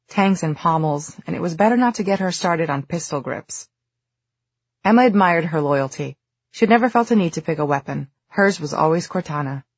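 An audiobook narrator reading a novel in steady, even storytelling. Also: medium pitch, slightly rough, no echo, lo-fi sound. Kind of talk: scripted narration.

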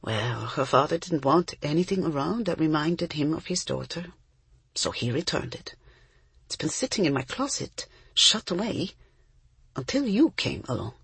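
A woman voicing an older male violin teacher, speaking slowly and quietly with a grave, gentle manner. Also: deep voice, sing-song, creaky, husky, no echo, full character voice. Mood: hushed. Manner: slow, quiet, hushed.

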